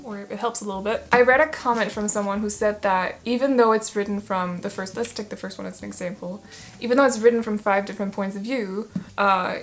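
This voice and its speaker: A woman's voice: mid-range voice, steady tone, brisk. A young woman chatting casually on her channel about books she read, rambling, laughing often and correcting herself as she goes. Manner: rambling, giggly, self-correcting. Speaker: book vlogger. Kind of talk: casual book review chat.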